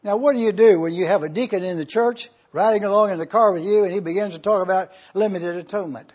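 Husky guy preaching, pretty high voice, gets loud then goes real quiet. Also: fast, lo-fi sound. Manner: emphatic preaching, swells loud on key phrases, drops soft and low. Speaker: pastor. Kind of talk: sermon.

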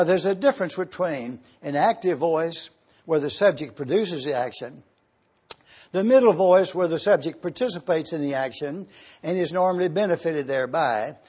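A man preaching an expository sermon, slowly spelling out Greek words letter by letter as he teaches. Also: a little high, animated, a little mellow, slightly rough, highs cut off.

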